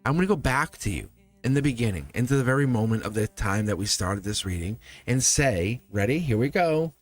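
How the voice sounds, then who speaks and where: A man's voice: mid-range voice, lively intonation, fairly quick. A man giving a live tarot reading to his viewers, talking animatedly, acting out quoted voices and laughing often. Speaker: tarot reader.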